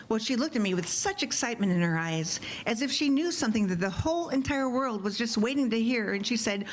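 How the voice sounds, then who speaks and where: A mother in her forties reading her humorous personal essay to a live audience, with wry, lively comic storytelling. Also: fairly high pitch, brisk, hardly any pauses, slight background noise, rough recording.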